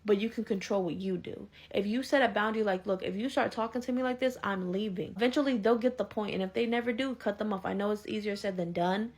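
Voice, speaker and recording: A woman's voice: medium pitch, vocal fry. A woman giving a blunt, heated monologue to her viewers, speaking her mind. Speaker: vlogger. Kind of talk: opinionated monologue to camera.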